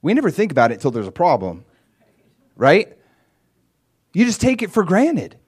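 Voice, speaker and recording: A man preaching a sermon in an animated way, acting out quoted voices as he retells stories. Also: high voice, moderate pace, breathy edge. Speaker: pastor.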